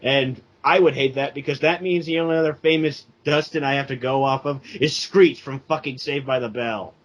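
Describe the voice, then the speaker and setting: A man's voice: mid-range voice, fairly even intonation, moderate pace. A young man co-hosting a casual podcast, rambling and restarting his sentences. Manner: rambling, self-interrupting. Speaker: podcast co-host. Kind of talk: casual chat. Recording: dull lo-fi sound.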